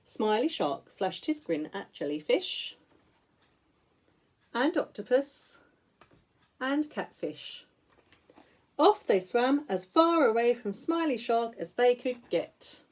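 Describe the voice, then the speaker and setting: Slow, sing-song woman reading a storybook. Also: a little high, very animated. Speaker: school teacher. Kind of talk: reading picture books aloud to young children.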